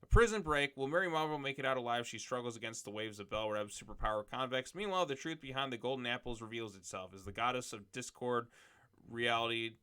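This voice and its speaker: A man hosting a casual video, reading comic solicitation blurbs aloud and commenting off the cuff in a relaxed way. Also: mid-range voice, quick pace, smooth.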